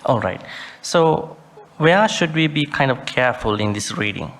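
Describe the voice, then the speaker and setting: A man's voice: medium pitch, expressive, moderate pace, a bit bright. A man, a Buddhist monk, teaching a sutta study class, reciting Pali words with care and spelling out how each one should sound.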